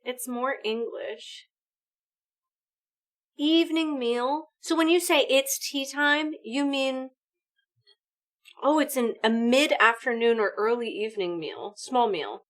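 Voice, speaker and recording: Animated woman gaming streamer. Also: high-pitched, takes it slowly, long pauses. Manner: animated, exclamatory, chatty with viewers. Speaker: live streamer. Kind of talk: casual gaming stream chat.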